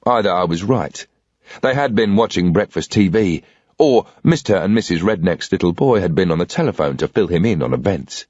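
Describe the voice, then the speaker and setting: A man's voice: deep voice, lively intonation, fairly quick, a little mellow, dry recording. A man reading a first-person thriller audiobook in a tense, matter-of-fact way. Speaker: audiobook reader. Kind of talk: scripted audiobook narration of a thriller. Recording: dry, dull lo-fi audio.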